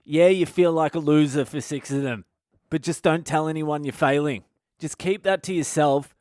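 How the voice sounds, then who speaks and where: A man's voice: on the high side, normal speed, a little mellow, no room sound, clean studio sound. A man, a comedian hosting his own podcast, delivering a sardonic comic monologue that is full of swearing and acted-out mock dialogues.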